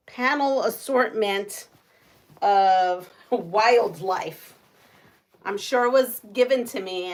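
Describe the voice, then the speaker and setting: A woman hosting a casual livestream, chatting and laughing with viewers. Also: a little high. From United States. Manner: chatty, laughs often, reads viewer comments aloud. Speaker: livestream host.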